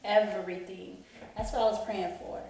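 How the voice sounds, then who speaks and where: A woman's voice: medium pitch, steady tone, moderate pace, gravelly, mellow. A woman telling an emotional personal story in a rambling storytime vlog, often saying "you know what I'm saying". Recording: echoey room, distant mic, faint music.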